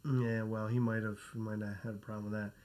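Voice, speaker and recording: A man's voice: lowish voice, flat delivery, fast, a little mellow. A man hosting a casual livestream, rambling and correcting himself while reading chat names and swearing. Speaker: podcast host.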